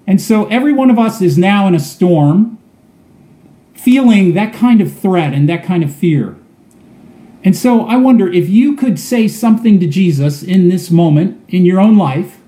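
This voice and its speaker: A man's voice: high-pitched, lively intonation, moderate pace, dark tone. A man preaching a sermon, telling a story earnestly and often repeating words as he goes. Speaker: pastor. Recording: echoey room.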